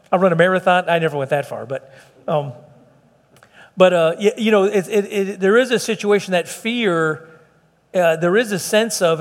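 A middle-aged man preaching to his church in an earnest, pleading way, often restarting his sentences. His voice sits a little high for a man. It rings with the long echo of a large sanctuary. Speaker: pastor. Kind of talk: sermon.

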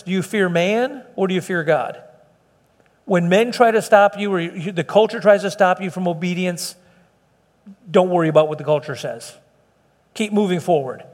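A middle-aged man preaching to his church in an earnest, pleading way, often restarting his sentences. His voice sits a little high for a man. It rings with the long echo of a large sanctuary. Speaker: pastor. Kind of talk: sermon.

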